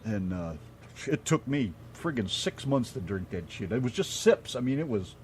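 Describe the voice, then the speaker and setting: A man's voice: mid-range voice, big pitch swings, normal speed, a little hiss or hum. A middle-aged American man co-hosting a radio show, telling rambling stories and swearing casually. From United States.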